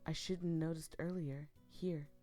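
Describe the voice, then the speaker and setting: A gentle, caring young boyfriend from a romance game, read aloud by a woman. The voice sits fairly low and speaks softly, with no big performance. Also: fairly even intonation, a little slow, faint music behind. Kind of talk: reading game dialogue aloud.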